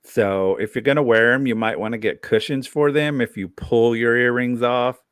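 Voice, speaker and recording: A man's voice: medium pitch, fairly even intonation, normal speed, fairly bright tone, clear, resonant tone, dry recording, studio quality. A man hosting a live online sale, chatting casually about vintage items in a tired morning voice.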